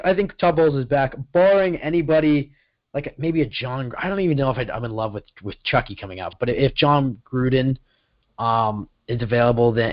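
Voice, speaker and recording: A man's voice: medium pitch, no room sound. A man co-hosting a casual sports podcast, rambling and correcting himself as he talks. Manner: rambling, self-correcting, quick bursts. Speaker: podcast co-host. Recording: dull lo-fi sound.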